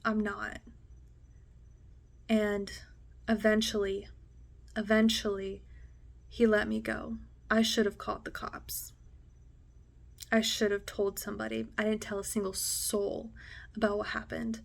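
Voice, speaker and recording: Young woman, vlogger, candid emotional storytelling, lots of "like" and swearing, flat even pitch, hushed near-whisper at tense points. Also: unhurried, gravelly, pauses often. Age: young adult. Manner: drops to a hushed near-whisper at intense moments. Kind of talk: personal storytelling to camera.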